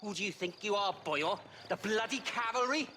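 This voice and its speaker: An actor playing a hostile, sneering bounty hunter with a Welsh accent in a western game. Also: male voice, sits high, animated, normal speed, sharp tone, a little hiss or hum.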